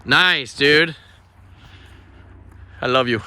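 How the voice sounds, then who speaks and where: A man's voice: mid-range voice, extremely slow, pushed and bright, clear, resonant tone. A father filming a family vlog, talking to his young sons in a playful, affectionate, encouraging way. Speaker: father and vlogger. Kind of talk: casual family vlog chat.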